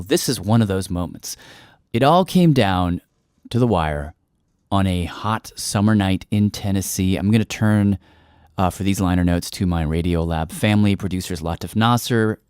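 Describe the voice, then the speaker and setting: Low-voiced man musing as podcast host. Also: a little mellow, clean tone, dry recording, clean studio sound. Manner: musing, with fillers and restarts. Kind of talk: casual hosting.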